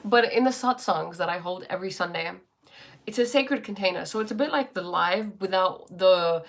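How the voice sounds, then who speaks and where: A woman's voice: mid-range voice, normal speed. A woman hosting a live stream as a life coach, chatting casually and reflectively while answering viewer comments. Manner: reflective, questioning, spiritual talk. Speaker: livestream host and life coach. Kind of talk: casual livestream chat reading viewer comments.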